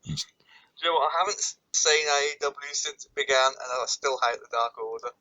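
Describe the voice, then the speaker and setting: A man's voice: mid-range voice, fairly quick, sharp tone, slight background noise. A man co-hosting a podcast, chatting in a laid-back way about an old wrestling event and swearing casually. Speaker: podcast co-host. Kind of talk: casual wrestling review chat. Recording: dull lo-fi mic.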